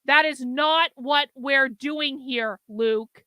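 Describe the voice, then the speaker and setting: Female streamer, blunt and exasperated, bright high voice, dry close sound. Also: slow, dry recording. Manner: blunt, swears, exasperated lecturing. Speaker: host reacting to a stream. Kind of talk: livestream commentary.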